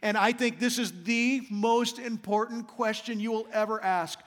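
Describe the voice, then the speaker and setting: A middle-aged man, a senior pastor, giving a Christmas sermon and telling stories, slowing down to stress scripture. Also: high voice, fairly even intonation, fairly bright tone. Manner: storytelling, slows down for emphasis on scripture. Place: large church auditorium. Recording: reverberant church hall.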